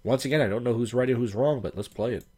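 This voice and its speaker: A man's voice: mid-range voice, quick pace, over loud music. A man hosting a casual commentary show on viral clips, talking in a blunt, profane, sardonic way. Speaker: host.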